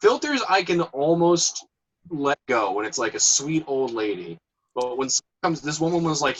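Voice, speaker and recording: A man's voice: medium pitch, animated, moderate pace, a bit bright, low-quality recording. A man in a casual chat, animatedly mocking a customer in a story.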